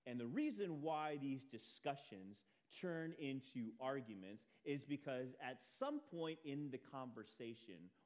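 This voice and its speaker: A man preaching a sermon as pastor, telling a personal story with animated, self-deprecating asides. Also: mid-range voice.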